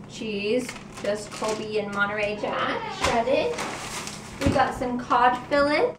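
Young woman chatting away upbeat, high voice, roomy far-off mic. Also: fairly bright tone, a little hiss or hum. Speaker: vlogger. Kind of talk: casual chat. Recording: roomy, distant camera mic.

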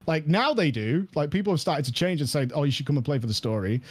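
A man guesting on a podcast, telling a story in an animated, emphatic way and laughing often. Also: a little high, fast, breathy edge. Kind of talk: casual podcast chat.

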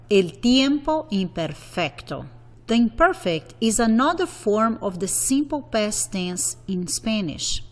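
Slow, methodical woman teaching Spanish. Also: medium pitch. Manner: slow, methodical, repeating conjugations. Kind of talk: grammar lesson. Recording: long reverb.

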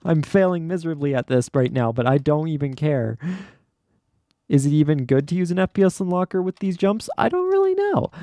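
Excitable young man narrating his gameplay. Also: fairly high pitch, dry recording. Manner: talks to himself, stammers, excitable. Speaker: gaming YouTuber. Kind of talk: casual gameplay commentary. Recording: dry close sound with keyboard typing.

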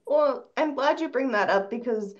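A woman's voice: sits high, expressive, moderate pace, dull audio. A younger woman moderating a panel discussion in a chatty, conversational way. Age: young adult.

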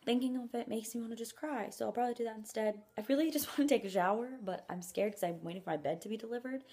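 Her voice is fairly high, quick and dark-toned with a breathy edge. She's a young college student chatting casually to camera in her apartment, rambling, saying "like" a lot and poking fun at herself as she complains.

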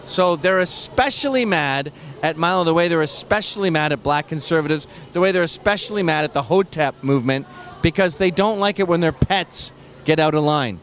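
A man hosts a talk show, crude, blunt and quick to mock his guest. His voice sits a little above the usual male pitch. A faint hiss plays under him. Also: a bit bright. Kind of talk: casual chat, opinion monologue.

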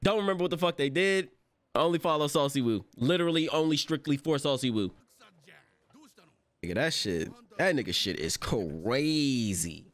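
Lively, bright-voiced young man reacting. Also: fairly high pitch, moderate pace, dry recording. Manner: excitable, slangy and profane, often laughing and yelling. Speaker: anime reaction channel host. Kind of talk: excited reaction commentary.

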